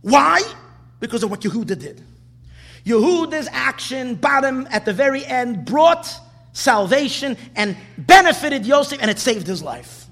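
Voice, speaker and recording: Animated, high-voiced man teaching Torah. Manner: emphatic, rhetorical questions, repeats key phrases. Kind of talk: animated Torah class lecture.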